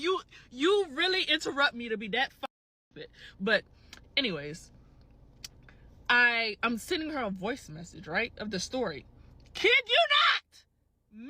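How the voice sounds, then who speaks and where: A young woman with a high, bright, forceful voice tells an angry story in a loose, casual rant. She is emphatic, swears freely and slips into the voices of the people she describes. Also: no echo. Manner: animated, emphatic, swears, mimics others. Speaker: storyteller in a clip.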